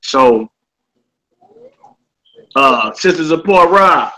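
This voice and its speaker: A man's voice: on the high side, animated, drawn-out words, pushed and bright, rough recording. A man teaching a casual Hebrew vocabulary class. He often checks in with "all right?" and repeats each word.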